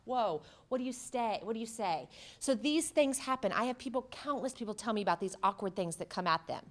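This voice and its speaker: Female therapist, workshop presenter, mid-pitched, animated, conversational, mimics quoted remarks. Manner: conversational, with direct questions to the audience. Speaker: cancer psychotherapist.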